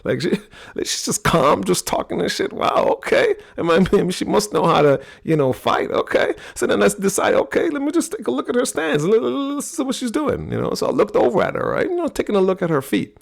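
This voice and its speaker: A middle-aged man hosting a talk on personality types, telling a story in an animated way. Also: sits high, brisk, vocal fry. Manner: animated storyteller, acts out quoted voices. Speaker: podcast host teaching personality types.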